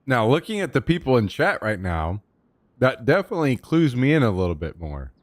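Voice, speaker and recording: A man's voice: medium pitch, sing-song, brisk, dry recording. Joking young streamer guy, dry close mic. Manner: loose, joking, talks to chat and his dog, swears casually. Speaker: livestreamer. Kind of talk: casual live-stream chat.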